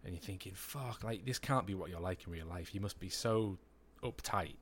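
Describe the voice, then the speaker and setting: Man, very deep voice, relaxed rambling chat, casual swearing. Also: normal speed, slight background noise. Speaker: podcast co-host.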